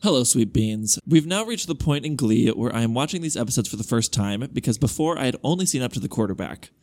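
Podcast co-host, male, reads fan email in an even voice, dry asides. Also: mid-range voice, quick pace. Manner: casual, wry asides. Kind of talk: reading listener emails aloud.

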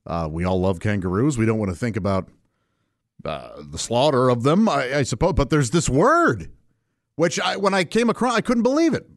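A man's voice: mid-range voice, sing-song, moderate pace, no echo, studio quality. A man hosting his own podcast, talking casually and rambling, often restarting sentences and chuckling to himself. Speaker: podcast host. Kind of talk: casual solo podcast talk.

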